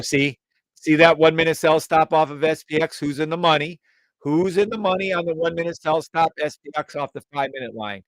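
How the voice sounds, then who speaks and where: A man's voice: mid-range voice, vocal fry, no echo. A man hosting a live trading stream, chatting to viewers and humming la-da-da tunes between chart calls. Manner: hums la-da-da tunes while reading charts; chatty, addresses viewers directly.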